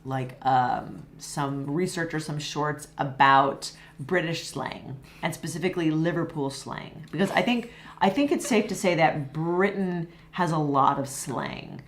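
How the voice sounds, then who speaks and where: A woman's voice: low voice, unhurried, slight background noise. A woman co-hosting an English lesson chat, explaining things casually with lots of fillers. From Los Angeles, USA. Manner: chatty, explains with many fillers. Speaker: English teacher and co-host.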